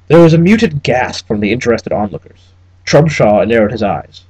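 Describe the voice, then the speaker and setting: A man narrating an audiobook with a wry, expressive delivery and a voice that rises and falls freely. The tone is slightly husky and recorded in a dry, close setting. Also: a little fast, no echo, poor audio. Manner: expressive, wry reading with lively pitch. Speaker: audiobook reader.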